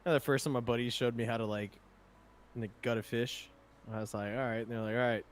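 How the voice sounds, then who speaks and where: A man's voice: mid-range voice, steady tone, a little fast, slight background noise. A young man telling rambling, profane stories in a casual chat among friends. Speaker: podcast co-host.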